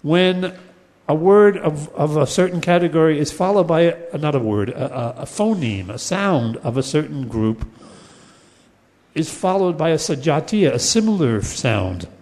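A man gives a classroom lecture in a somewhat high voice. His words ring out with the long reverb of a big hall. He explains patiently, chants verses now and then, and often restarts his sentences with filler words. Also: animated, measured pace, darkish tone. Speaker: teacher of Sanskrit poetics.

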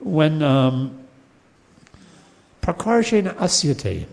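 A man's voice: on the high side, big pitch swings, drawn-out words, gravelly, darkish tone. A man teaching a class on Sanskrit poetics. He explains patiently, sometimes chants Sanskrit verses, and often restarts his sentences with fillers. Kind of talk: classroom lecture. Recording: long hall reverb.

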